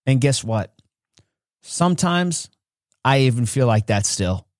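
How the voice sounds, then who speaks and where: A man's voice: expressive, measured pace, no room sound, studio quality. A man hosting a podcast, telling a personal story with emphasis and acting out the voices of those in it. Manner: emphatic, acts out childhood dialogue with rising pitch. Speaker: podcast host.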